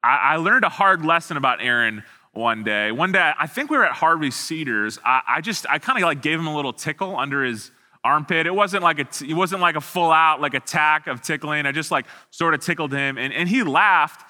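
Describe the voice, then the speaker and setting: Student pastor, thirties, man; very bright, forward tone; easygoing, joking sermon delivery with a long echo trailing each line. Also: fairly high pitch, lively intonation, a little fast. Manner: casual, self-deprecating, frequent restarts. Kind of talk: online sermon. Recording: long hall reverb.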